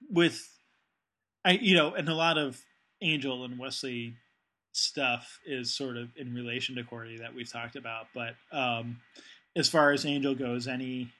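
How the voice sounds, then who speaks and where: A man co-hosting a podcast talks casually and hesitantly. He pauses often and fills the gaps with fillers. His voice has a bright, forceful tone. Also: medium pitch. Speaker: podcast co-host. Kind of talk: casual chat.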